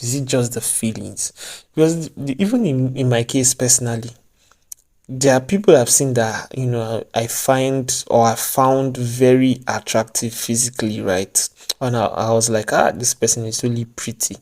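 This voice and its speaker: A man talks straight to his viewers in a relaxed advice vlog. His voice is mellow and warm, mid-pitched, and he keeps breaking into joking asides and laughing at himself. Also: measured pace. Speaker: vlogger.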